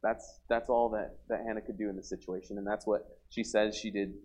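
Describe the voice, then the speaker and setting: A man's voice: fairly low pitch, flat delivery, fairly quick, darkish tone, poor audio. A man preaching a sermon in an earnest, conversational way, restarting his sentences often.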